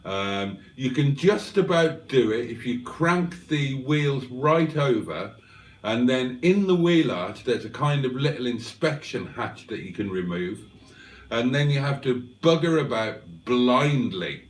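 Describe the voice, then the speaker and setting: A man's voice: medium pitch, expressive, unhurried, recorded from a distance. A man hosting a livestream, chatting casually and reading viewers' comments with dry, self-mocking, mock-formal humour. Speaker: livestream host. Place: indoors, home livestream. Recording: roomy echo, voice a little off-mic.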